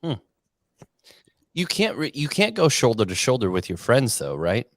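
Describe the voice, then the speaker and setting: A male podcast co-host in casual chat, asking relaxed questions and giving short reactions. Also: mid-range voice, moderate pace, dry recording.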